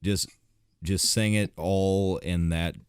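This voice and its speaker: A man's voice: deep voice, fairly even intonation, slow pace, clear, resonant tone, no echo, clean studio sound. A man hosting a podcast, joking and teasing his co-host in casual banter. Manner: teasing, wisecracking.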